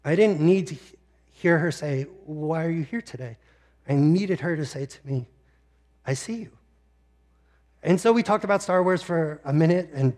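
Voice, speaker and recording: Soft-toned male pastor telling a personal story. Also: fairly high pitch. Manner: personal storytelling, emotional, tearing up at times. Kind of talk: sermon.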